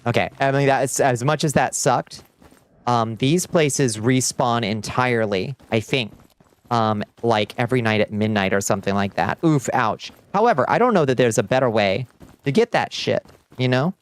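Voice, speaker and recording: With a smooth, mid-range voice at a moderate pace, this man hosts a livestream. His gameplay commentary is excitable and casual; he talks with viewers, and frustration sets off swearing and yelling.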